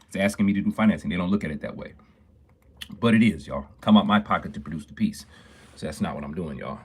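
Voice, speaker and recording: Husky low-voiced man on a live stream. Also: quick pace. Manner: talkative and upbeat, greets viewers often. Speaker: jeweler hosting a live stream. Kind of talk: casual live-stream chat.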